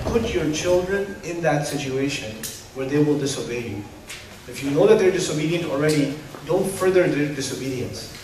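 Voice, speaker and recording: A man preaching a sermon to parents, animated and humorous, acting out parents and kids. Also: a little high, slight background noise. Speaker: Muslim preacher. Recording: roomy hall echo from a distance.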